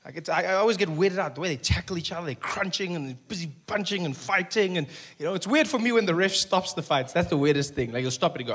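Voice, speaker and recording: A man's voice: sits high, expressive, fast, few pauses, fairly bright tone. A male stand-up comedian, riffing chattily with the crowd. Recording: stage recording with background noise.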